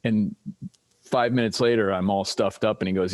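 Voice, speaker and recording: Low-voiced man telling rambling stories. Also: moderate pace. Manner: rambling storyteller, animated quoted voices. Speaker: podcast guest. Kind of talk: casual chat over drinks.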